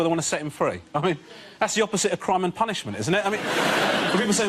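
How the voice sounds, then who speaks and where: A comedian on a panel show, ranting in exasperation and building to loud outbursts. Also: male voice, a little high, sing-song, quick pace, slight background noise. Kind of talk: stand-up routine on a panel show. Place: TV studio with live audience.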